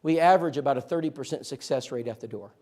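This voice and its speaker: A man training a church group in outreach, telling stories in a lively, joking way and speaking to listeners directly. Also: mid-range voice, fast. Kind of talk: animated storytelling talk to a church group.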